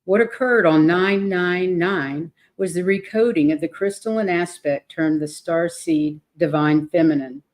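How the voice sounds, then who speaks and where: An older woman reading a text aloud in a steady, measured way, with the odd restart. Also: on the low side.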